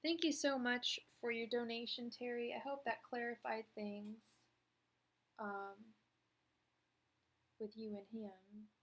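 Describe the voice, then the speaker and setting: A woman's voice: on the high side, fairly even intonation, slow pace, pauses often. A woman in her thirties, a tarot reader chatting casually on a live stream, rambling with lots of fillers.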